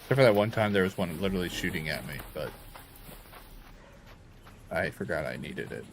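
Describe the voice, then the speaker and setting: Low-voiced man rambling through gameplay. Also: lively intonation, normal speed, gravelly, noisy background. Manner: rambling, talks to himself while playing. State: tired. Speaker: game streamer. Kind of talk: casual live gameplay commentary.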